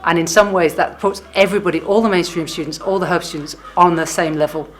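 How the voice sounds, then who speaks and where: Low-voiced female science teacher. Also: fairly even intonation, fast, a little hiss or hum. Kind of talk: interview about teaching.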